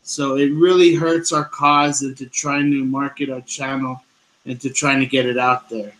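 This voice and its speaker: A man hosting a paranormal news show, talking loudly and close to the microphone, with many fillers and pauses. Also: mid-range voice, level tone, rough recording. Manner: loud, speaks close to the mic, hesitant with fillers. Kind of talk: casual solo show talk. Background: background music.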